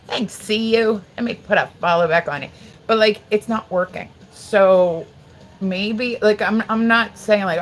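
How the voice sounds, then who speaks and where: Woman, forties, casual livestreamer, loose and profane storyteller, middle pitch. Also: a little slow, poor audio. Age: 40s. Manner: rambling, swears freely, frequent "like"; chats to viewers between stories.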